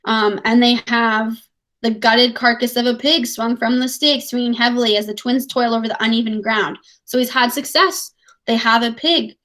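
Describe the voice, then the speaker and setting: A woman English teacher with a slightly high voice, reading passages from a novel and breaking them down for students. Her delivery is casual and chatty, with plenty of "like" and "um". It feels like a relaxed recorded lesson. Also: normal speed. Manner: casual, chatty, many "like" fillers.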